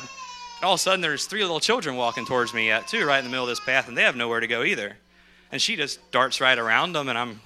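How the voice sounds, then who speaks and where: Bright-voiced man telling sermon stories. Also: medium pitch, quick pace, a little hiss or hum. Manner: lively anecdotal storyteller who acts out quotes. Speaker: missionary speaking to a congregation. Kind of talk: storytelling sermon. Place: speaking at a podium.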